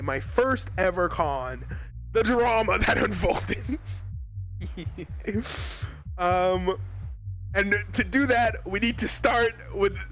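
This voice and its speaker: Young man, streamer, casual chat, high voice, unhurried, laughs a lot, from Arizona. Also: a bit bright. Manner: giggly, rambling, laughs often.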